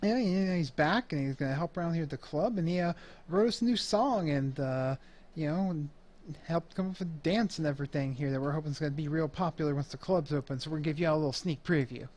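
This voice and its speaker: A man's voice: on the high side, fast, a little mellow, natural voice. A man voicing a touchy, blustery nightclub owner who gets defensive when his family comes up. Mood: showman.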